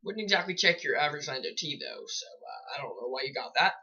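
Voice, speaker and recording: A man with a somewhat high, sharply bright voice talks through picks in a loose, rambling way, often stumbling and correcting himself. The recording is a bit dull and lo-fi, like a cheap mic at a home desk. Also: fast talker, breathy edge. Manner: rambling, self-correcting, chuckling at own slips. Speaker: Pokemon draft league co-host. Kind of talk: casual commentary.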